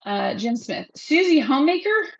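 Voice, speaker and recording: A woman's voice: sits high, big pitch swings, normal speed, muffled recording. A woman chatting casually on a livestream, rambling from one thing to the next and laughing often. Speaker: realtor hosting a livestream.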